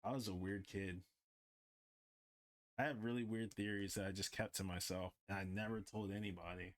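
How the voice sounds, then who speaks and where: A man's voice: fairly low pitch, steady tone, normal speed. A man livestreaming while he draws, chatting casually and rambling with lots of "like". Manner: rambling, heavy use of "like". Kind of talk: casual chat while drawing.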